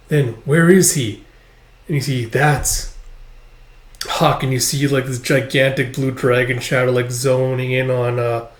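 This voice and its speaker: A man reading a manga aloud in a casual, rambling way, filling gaps with "uh" and "it's like". His voice sits at a middle pitch with a roomy echo. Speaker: manga reviewer. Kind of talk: casual read-through with voices.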